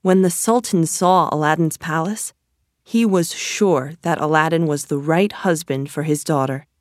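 A woman narrating a storybook in a slow, measured way. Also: low voice, a little mellow, no echo, studio quality.

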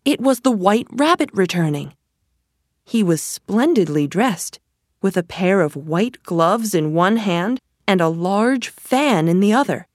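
Slow, lively storybook woman. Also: medium pitch, dry recording, clean studio sound. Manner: gentle, deliberate read-aloud delivery.

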